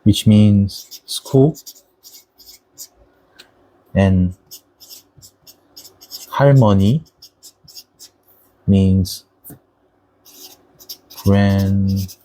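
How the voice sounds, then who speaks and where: A young man, a native Korean speaker, talks through a language lesson at a very slow, deliberate pace. His voice is mellow and fairly low, and he carefully models each word before explaining it. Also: rough recording. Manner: patient, deliberate, models Korean words slowly.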